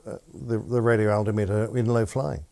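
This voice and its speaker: A man's voice: lowish voice, fairly even intonation, brisk, creaky, mellow. A man interviewing a guest, prompting him kindly with questions and a few hesitant fillers.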